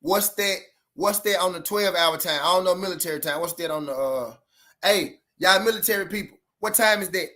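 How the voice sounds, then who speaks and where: A man's voice: high-pitched, brisk, bright, forceful tone. A man with a Southern US accent hosting a casual boxing livestream, chatting loosely with viewers and repeating himself.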